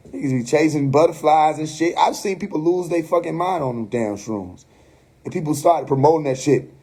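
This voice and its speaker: A man, telling a story casually on a live stream, animated and laughing often, dropping to a low mumble when he quotes his friends. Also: breathy edge. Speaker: livestream host.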